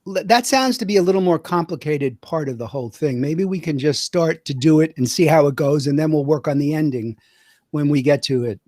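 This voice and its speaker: A man in a comedy sketch, encouraging a group through a rehearsal and clearing his throat often. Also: fairly high pitch, a little fast, a little mellow, dry recording, studio quality. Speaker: rehearsal leader.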